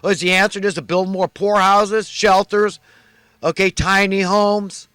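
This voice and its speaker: A man from the United States delivering an angry political rant straight to his listeners, now and then raising his voice to shout. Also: high-pitched, flat delivery, a little slow, no room sound. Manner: angry, ranting, shouts at times. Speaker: political commentator.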